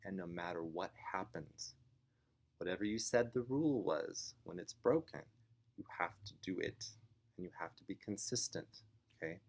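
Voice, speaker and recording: A man teaching parents, explaining child behavior gently and acting out a parent and child as he goes. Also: sits low, animated. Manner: slow, gentle, acts out parent and child voices. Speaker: family sign language teacher.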